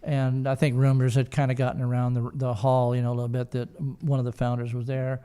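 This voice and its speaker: A man's voice: mid-range voice, monotone, fast, mellow, clean tone. An older man, a podcast guest, telling a long story in a rambling way with lots of hesitations. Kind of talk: casual storytelling.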